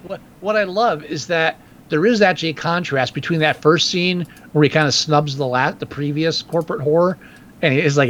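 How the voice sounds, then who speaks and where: A man's voice: fairly high pitch, fairly quick, fairly bright tone, dull audio. A man co-hosting a casual film discussion podcast, joking and wry, laughing at his own remarks. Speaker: podcast co-host.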